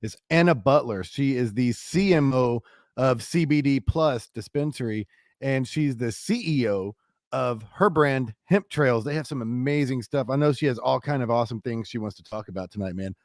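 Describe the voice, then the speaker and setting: Chill guy dj on a radio show, relaxed chat, dry mic. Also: mid-range voice, normal speed, no room sound. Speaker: radio co-host and DJ.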